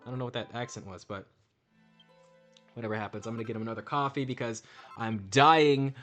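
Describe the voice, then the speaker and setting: A man's voice: fairly quick, soft background music. A young man hosting a game video, mixing casual gameplay commentary with playful, slangy pep talk. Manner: playful, slangy, lively swings in pitch. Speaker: gaming video host.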